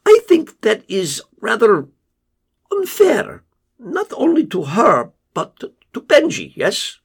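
A man voicing a stilted, evasive man on a phone call who speaks in a flat, formal way. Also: high-pitched, slow pace, gravelly, breathy edge, pitched above the performer's own voice, exaggerated voice. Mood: insistent.

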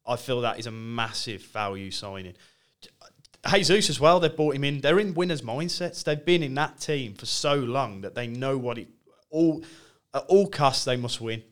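A man's voice: mid-range voice, expressive, normal speed. A man co-hosting a football podcast, chatty and opinionated, often stumbling over his first words. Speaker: podcast co-host. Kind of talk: casual football chat.

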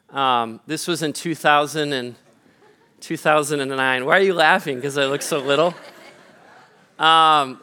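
A man's voice: fairly high pitch, bright, forceful tone, clean tone. A man from Minnesota, a pastor giving a conversational sermon full of fillers and restarts. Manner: chatty storytelling with many fillers and restarts.

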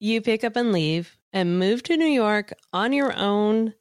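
Slow-spoken woman hosting an interview. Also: medium pitch, animated, clear, resonant tone, no echo, clean studio sound. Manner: affirming and encouraging. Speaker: host. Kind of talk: interview conversation.

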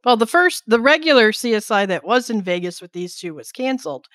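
A middle-aged woman co-hosting a casual podcast, with a voice of middle pitch. She is blunt, swears and now and then drops into a whisper. The sound is close and dry. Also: big pitch swings, fairly quick, a bit bright, no room sound. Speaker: podcast co-host. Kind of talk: casual chat.

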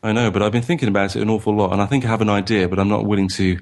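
A man co-hosting a podcast, talking casually and hesitantly with many pauses and fillers. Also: fairly low pitch, flat delivery, darkish tone. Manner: thoughtful, hesitant, many ums. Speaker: podcast co-host.

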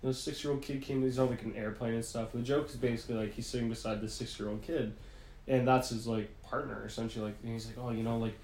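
A man's voice: medium pitch, quick pace, slight background noise. A man co-hosting a podcast, retelling a comedian's joke in casual chat and laughing as he goes. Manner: animated storyteller, laughs while retelling jokes. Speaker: podcast co-host. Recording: echoey room.

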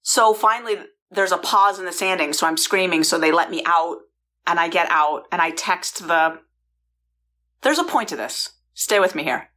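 A low-voiced woman from San Francisco tells a personal story straight to the listener. She talks chattily, restarting sentences and adding asides as she goes, recorded in a bedroom. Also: lively intonation, moderate pace, sharp tone. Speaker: founder and host.

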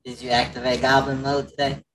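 A man's voice: medium pitch, flat delivery, brisk, crowd noise. Man, podcast co-host, joking and teasing, restarts a lot; slightly distant mic, noisy background. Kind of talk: casual podcast banter.

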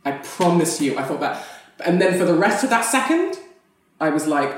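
A woman's voice: sits low, animated, moderate pace, darkish tone, far from the mic. A woman, an actress and podcast guest, telling a personal story frankly and animatedly, laughing often. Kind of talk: candid storytelling in conversation. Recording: very echoey room, off mic.

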